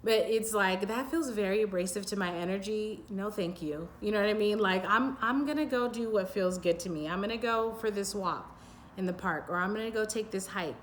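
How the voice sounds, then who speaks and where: A woman giving a pick-a-pile tarot reading to her viewers, rambling and intuitive, full of fillers and restarts, and slowing down to a soothing pace in places. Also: medium pitch, a little hiss or hum. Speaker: tarot reader.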